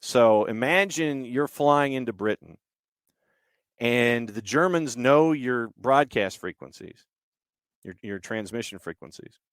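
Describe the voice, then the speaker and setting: Slow, smooth-voiced male podcast host. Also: mid-range voice, expressive, no echo, studio quality. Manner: unhurried, conversational, with restarts. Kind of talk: storytelling monologue on a podcast.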